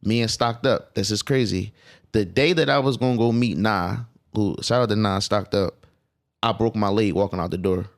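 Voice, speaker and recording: A man's voice: on the low side, moderate pace. A man talking as a guest on a podcast, casual and emphatic, with profane streetwise phrasing. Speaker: clothing designer guest.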